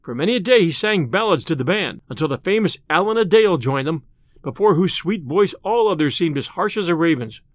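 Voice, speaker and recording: Male narrator for an old adventure tale, lively and slightly higher, dry close mic. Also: a little fast, no echo. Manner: expressive, theatrical reading. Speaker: storyteller.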